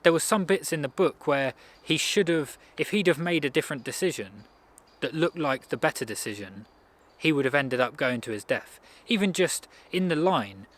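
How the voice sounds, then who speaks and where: A man's voice: a little high, animated, normal speed, a bit bright. Man giving a rambling motivational talk. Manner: rambling, conversational, frequent restarts. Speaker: self-improvement speaker.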